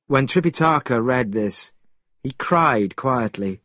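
A man narrating a storybook in a slow, expressive reading style. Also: medium pitch, no echo, clean studio sound.

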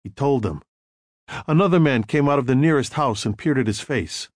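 A man narrating an audiobook chapter in a measured storytelling manner, acting out the dialogue. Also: mid-range voice, no room sound, clean studio sound.

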